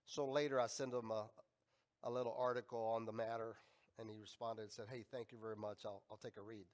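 A male pastor preaching a sermon, emphatic and swinging between loud and quiet. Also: on the low side, flat delivery, brisk. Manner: emphatic, rising and falling in volume.

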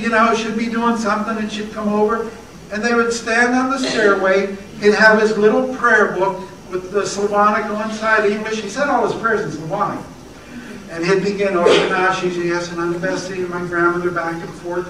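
A man's voice: high-pitched, flat delivery, moderate pace, bright, forceful tone, slight background noise. A man reminiscing reflectively about a family member in a documentary interview. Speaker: relative of the subject. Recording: very echoey, distant mic.

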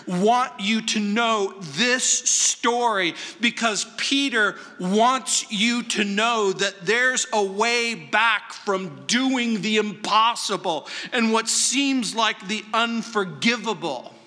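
High, bright-voiced pastor in a reverberant hall. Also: male voice. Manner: deliberate, dramatic pauses and emphatic repetition. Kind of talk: verse-by-verse sermon. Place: large church sanctuary. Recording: long reverb from a large hall.

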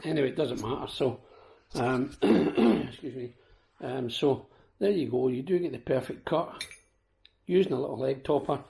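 A man's voice: mid-range voice, normal speed, creaky, mellow. A Scottish man with a sore throat giving a casual, chatty product demo and talking to viewers as folks. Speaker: vlogger.

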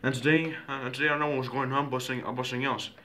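A man rambles through a playful home video, restarting his sentences and trying on silly introductions. His voice is bright and forward at a middling pitch, over a faint hiss of background noise. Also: steady tone. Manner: halting, repeats words, silly pretend introductions.

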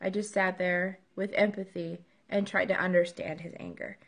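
A woman's voice: lowish voice, level tone, normal speed. A woman in her thirties, a livestream host, talking casually about parenting with a conversational flow and frequent filler ums. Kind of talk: casual advice talk.

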